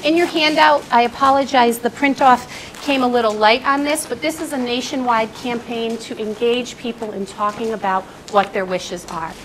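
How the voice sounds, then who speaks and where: A woman nurse presenting on palliative care to healthcare staff, telling stories with lively, animated shifts in voice. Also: normal speed, a little hiss or hum, rough recording. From United States. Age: adult. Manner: animated storytelling with lively jumps in pitch.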